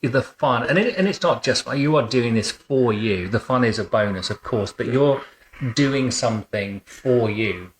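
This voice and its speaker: A man's voice: mid-range voice, animated, a little slow, slight background noise. Chatty male photographer host. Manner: warm, rambling, chatty with many restarts and fillers. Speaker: boudoir photographer and podcast host. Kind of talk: relaxed conversational interview. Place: photo studio.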